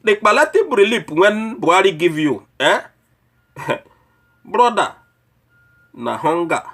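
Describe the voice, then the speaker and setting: A man rants in Nigerian Pidgin with a bright, forceful tone. His voice sits fairly high and swings up and down a lot as he scolds his listeners. He hammers them with mocking rhetorical questions. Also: big pitch swings, takes it slowly. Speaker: online commentator. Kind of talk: political rant.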